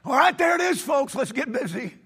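A male pastor preaching a sermon in a church with impassioned, rising delivery, hoarse from losing his voice. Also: very high-pitched, very animated, fairly quick, a bit bright.

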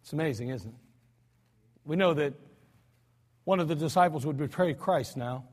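An American male pastor preaching a storytelling sermon, swinging between soft asides and loud cries. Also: on the high side, moderate pace. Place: church sanctuary. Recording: church hall reverb.

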